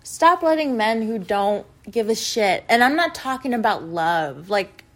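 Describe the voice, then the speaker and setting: A young woman vlogger telling a personal story in a rambling, casual way, filling every pause with "like" and speaking bluntly with plenty of swearing. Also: a little high, sing-song, fairly bright tone. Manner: rambling, heavy use of "like", blunt and profane.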